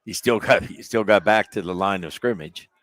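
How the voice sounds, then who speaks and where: A man with a very deep voice gives color commentary on a football game. He breaks down plays in a relaxed, analytical way, often pausing and restarting mid-thought. The sound is dry and close. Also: no echo. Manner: relaxed, analytical, halting explanations.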